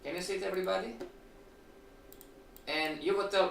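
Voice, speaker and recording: A fairly high-voiced man teaches a trading class with lively rhetorical questions. He sounds set back from the mic in an echoey room. A faint hiss runs under his voice. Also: moderate pace, gravelly, long pauses, far from the mic. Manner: animated, rhetorical questions, acts out students' replies. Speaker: trading instructor. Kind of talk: live-streamed lecture.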